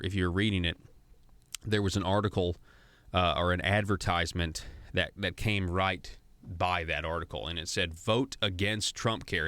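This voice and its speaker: A man from Arkansas with a deep, slightly bright voice hosts a political talk radio show from a studio with no room sound. He starts out chatty and conversational, then grows heated and emphatic.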